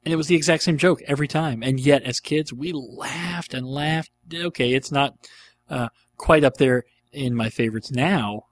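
A middle-aged man with a medium-pitched voice hosts a casual Q&A podcast, answering listener questions at a moderate pace. He rambles enthusiastically and fills his speech with lots of ums and uhs.

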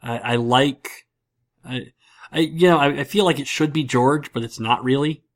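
A man's voice: medium pitch, moderate pace. A man hosting a casual podcast, rambling and self-mocking, with lots of fillers. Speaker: podcast host.

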